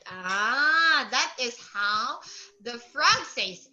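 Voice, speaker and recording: A woman teaching English to a young child, speaking in slow, exaggerated, coaxing teacher talk. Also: on the high side, expressive, pushed and bright, muffled recording. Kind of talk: online kids' English lesson.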